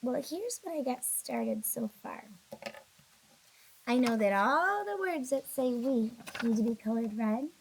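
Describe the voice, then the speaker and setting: A teacher with a highish voice and huge pitch swings speaks unhurriedly to young children in a video lesson, patient and encouraging. She sounds a little tired and yawns, and the low-quality recording has slight background noise.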